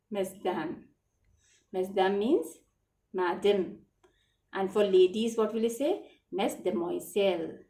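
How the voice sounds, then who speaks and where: A woman's voice: mid-range voice, darkish tone. Woman teaching children, echoey room. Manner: slow, repetitive, asks then answers her own questions. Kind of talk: classroom French lesson for children.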